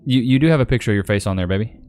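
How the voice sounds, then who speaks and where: A man's voice: lowish voice, racing, a little mellow, clear, resonant tone, soft background music. A man hosting a casual live stream, chatting loosely in slang and reading out names from the chat into a desk mic. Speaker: livestream host. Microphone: desk microphone.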